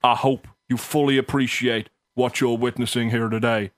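A man voicing a smug male secret agent who speaks gravely and self-importantly. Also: medium pitch, flat delivery, normal speed, dry recording, close to an everyday voice. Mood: solemn.

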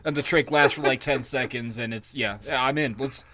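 A man co-hosting a podcast, telling stories in a loose, profane, animated way. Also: medium pitch, moderate pace, slight background noise. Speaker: podcast co-host. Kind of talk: casual comedic chat.

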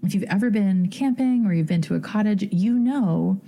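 A woman's voice: medium pitch, moderate pace, vocal fry, mellow. A woman hosting a podcast, telling a story in a giddy, chatty way full of fillers. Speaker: podcast host.

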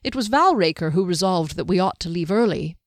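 A smug, formal male mage in a storybook reading, calm and lecturing. His phrasing is precise and faintly teasing, as a woman reader puts him on. The sound is close and dry. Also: high voice, a little fast, dry recording.

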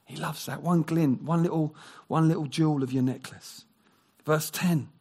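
A man preaching a sermon, animated, acting out quoted voices and dropping into hushed, near-whispered passages. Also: a little high, normal speed. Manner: animated, acts out quoted voices, drops to a hush.

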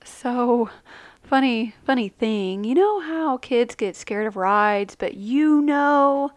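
A woman in her thirties, a mother, chatting casually in a vlog and giving tips with an animated, storytelling manner. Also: takes it slowly, no room sound. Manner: chatty, animated, acts out quotes with big pitch jumps. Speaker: family travel vlogger, mother.

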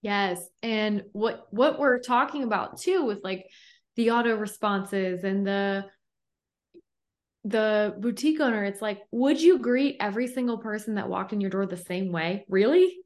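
A woman's voice: medium pitch, unhurried. A woman business coach, a guest on a podcast, giving advice in a confident teaching tone and often adding a rhetorical "right?".

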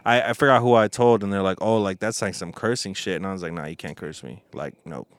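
A man's voice: deep voice, fast talker, no echo, studio quality. A young man hosting a casual podcast, retelling a story in a rambling way with lots of fillers and swearing. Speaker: podcast host.

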